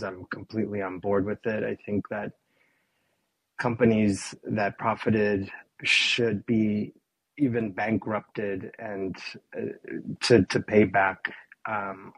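A man calling in to a talk show, speaking hesitantly and carefully with many pauses and ums. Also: fairly low pitch, breathy edge, dry recording, low-quality recording. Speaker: caller. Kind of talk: casual call-in chat.

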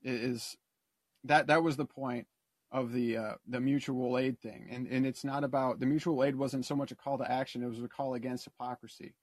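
A man's voice: mid-range voice, little pitch movement, normal speed, no echo. A man calling in to a talk show, ranting passionately and rambling until he loses his thread. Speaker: caller. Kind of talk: casual call-in rant.

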